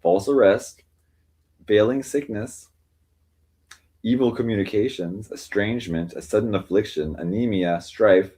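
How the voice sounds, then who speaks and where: A man hosts a casual livestream from home and reads strange fortune cards aloud. His voice sits low and mellow. He rambles, piles up fillers, and reels off lists of meanings. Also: measured pace, rough recording. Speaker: livestream host reading cards.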